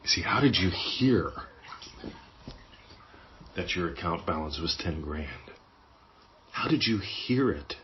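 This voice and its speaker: A man's voice: sits low, animated, slow, pauses often, a little hiss or hum. A man hosting a podcast, teaching in a casual, playful way and acting out little inner voices. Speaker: podcast host. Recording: dull lo-fi sound.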